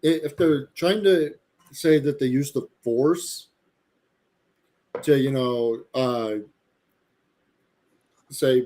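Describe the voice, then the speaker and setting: A man co-hosting a casual live chat about a TV series, animated and prone to slipping into mocking voices. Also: mid-range voice, very slow, long pauses. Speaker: podcast co-host.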